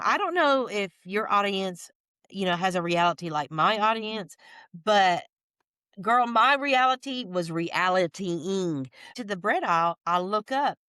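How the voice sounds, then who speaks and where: Podcast guest, woman, excited storyteller, dry close mic. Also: medium pitch, no echo. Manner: lively, folksy, talks in bursts with restarts. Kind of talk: animated storytelling chat.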